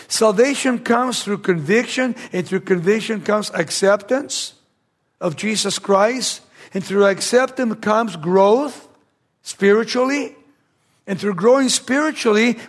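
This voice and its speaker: A man preaching a verse-by-verse sermon, reading scripture slowly and repeating key words for emphasis. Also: high-pitched.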